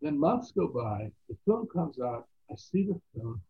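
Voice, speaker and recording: A man telling stories as an actor guest in a casual interview, animated and quoting other people's voices. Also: mid-range voice, unhurried, slightly rough. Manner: animated anecdotes with quoted voices. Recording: tinny phone-like line.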